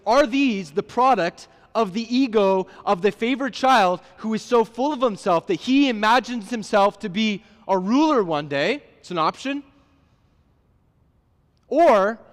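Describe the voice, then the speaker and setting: A man with a high-pitched voice preaches in a church, talking conversationally and putting questions to the congregation. His words trail off into a long reverb from the sanctuary. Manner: conversational, asks the listeners questions, restarts words. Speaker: pastor. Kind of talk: sermon.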